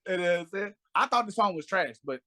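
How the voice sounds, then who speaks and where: A man's voice: high-pitched, fast talker. A man co-hosting a casual podcast chat, telling stories animatedly and acting out the people he quotes. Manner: animated storyteller, acts out quotes in raised voices. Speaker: podcast co-host.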